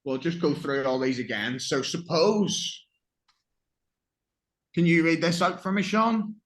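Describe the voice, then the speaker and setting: A man's voice: fairly high pitch, expressive, moderate pace, fairly bright tone. A man teaching an English vocabulary class, asking students questions and praising their answers patiently.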